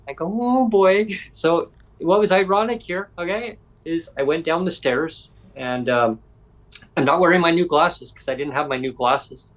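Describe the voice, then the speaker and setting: A man from Canada hosting a podcast, telling a story casually and acting out the voices he quotes. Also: mid-range voice. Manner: animated, acts out quoted voices. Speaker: podcast host. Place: home.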